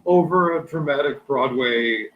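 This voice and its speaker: A man from Nova Scotia in casual livestream chat, animated and full of fillers, often laughing. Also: medium pitch, measured pace, lo-fi sound, a little hiss or hum. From Nova Scotia, Canada. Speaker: livestream guest.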